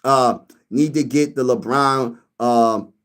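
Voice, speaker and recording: A man's voice: medium pitch, slow, a bit bright. A man hosting a casual sports livestream, reading viewer comments and talking with boastful hype and lots of slang. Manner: hyped and boastful, repeating phrases for emphasis; slangy street talk, calls listeners bro and baby. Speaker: sports channel host.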